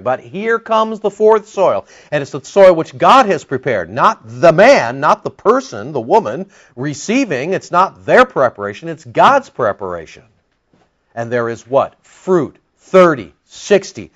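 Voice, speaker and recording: A male pastor preaching a sermon, telling stories with rambling asides, in a dull lo-fi recording. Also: a little high. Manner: animated storytelling, rambling with asides.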